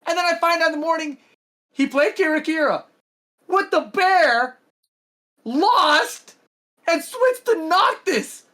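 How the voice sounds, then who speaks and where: A man on a casual gaming podcast, telling a tournament story quickly and emphatically. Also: very high voice, lively intonation, pushed and bright. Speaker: podcast co-host.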